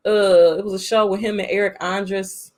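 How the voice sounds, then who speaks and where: A woman's voice: medium pitch, level tone, normal speed, a little mellow. A woman co-hosting a casual film podcast, chatty and playful, laughing often. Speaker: podcast co-host. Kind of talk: casual chat.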